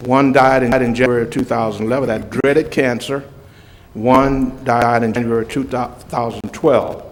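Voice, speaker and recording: A man's voice: mid-range voice, steady tone, poor audio. An older man from Mobile, a retired news anchor giving a heartfelt speech and telling joking stories. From Mobile, Alabama. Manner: slow, warm storytelling with joking asides.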